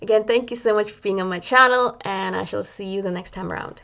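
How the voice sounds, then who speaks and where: A woman vlogger talking casually to her viewers, chatty and animated, often adding "right?" and "you know", and acting out the voices in her head. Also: mid-range voice, fast talker, creaky. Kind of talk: casual talk to camera.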